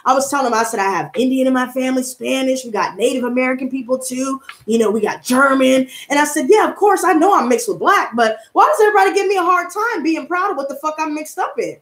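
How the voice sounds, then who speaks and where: A woman's voice: sits high, fast, few pauses, roomy sound. A woman in her twenties, a tarot reader and streamer, chatting casually on a livestream with blunt, profane, heated talk. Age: 20s.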